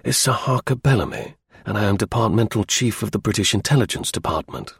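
A man's voice: fairly low pitch, animated, a little fast, gravelly, slightly rough, no echo, clean studio sound, heavily acted. Stern cool spy chief, read by a man. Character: cool, stern older male intelligence chief.

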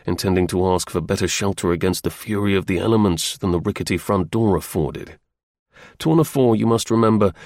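A man reading a historical novel aloud as an audiobook narrator, with measured, dramatic storytelling. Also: on the low side, creaky, darkish tone, no echo, studio quality.

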